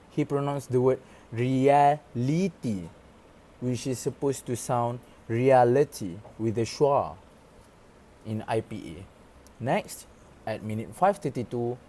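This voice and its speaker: A man's voice: mid-range voice, dark tone, a little hiss or hum. Man giving a scripted class presentation. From Malaysia. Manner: explanatory, reads from prepared script. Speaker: student presenter. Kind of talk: academic presentation.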